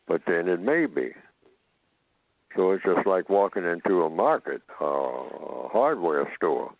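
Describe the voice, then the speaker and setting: A man who is a guest on a call-in radio program, speaking slowly and repeating phrases for emphasis. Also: deep voice, no room sound. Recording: tinny phone-line audio.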